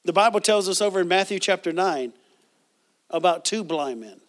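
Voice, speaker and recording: A man's voice: sits high, animated, normal speed. A man preaching a sermon as pastor, reading scripture and asking the congregation questions, with frequent restarts.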